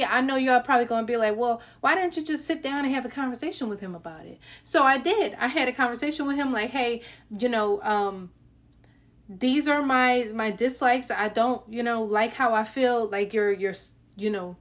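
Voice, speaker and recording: A young woman, chatting straight to her viewers as she tells a personal storytime. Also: on the high side. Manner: chatty, talks straight to the viewers with lots of fillers. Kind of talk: casual storytime.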